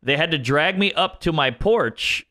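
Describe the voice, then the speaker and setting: A man's voice: a little high, measured pace. A man telling a wild comic story on a podcast, acting out the people in it. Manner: animated, acts out quoted voices. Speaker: comedian guest.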